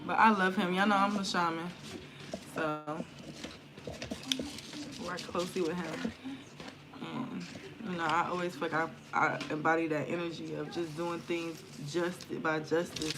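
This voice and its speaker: A woman's voice: on the low side, flat delivery, measured pace, pauses often, over music. A woman reading tarot and chatting casually to viewers on a live stream at home, slangy and loose, swearing freely. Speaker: tarot reader and spiritual content creator. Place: indoors at home near an open window. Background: outdoor noise through the window.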